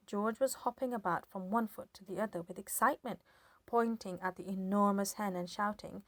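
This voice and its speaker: A woman reading a children's story aloud with lively, expressive storytelling. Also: medium pitch, moderate pace, no echo. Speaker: storybook reader.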